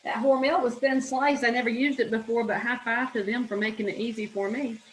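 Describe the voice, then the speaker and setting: In a reverberant, low-quality recording with slight background noise, a Southern woman from the American South demonstrates a recipe on her home-kitchen cooking channel. Her pitch is fairly high and her intonation fairly even, she talks a little fast, and she's chatty, folksy and opinionated, with plenty of "y'all."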